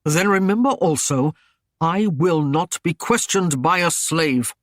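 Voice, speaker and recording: Male narrator doing a curt, growling medieval warlord, raised pitch, dry close sound. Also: animated, normal speed, dry recording. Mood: stern. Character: stern proud male Norman lord, gruff.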